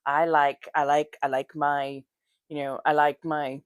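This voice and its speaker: A woman's voice: low-pitched, little pitch movement, unhurried, clear, resonant tone, no room sound, clean studio sound. A woman from the United States, hosting a casual livestream, chatting and greeting viewers by name while she does her makeup. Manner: chatty, greets viewers warmly, frequent laughs. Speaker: livestream host.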